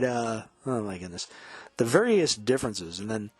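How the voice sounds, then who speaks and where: Host, male, husky and low-voiced; casual rock commentary, breaks into sung lyric snippets. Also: moderate pace, no room sound. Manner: quotes and hums lyrics while explaining, excitable. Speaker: podcast host.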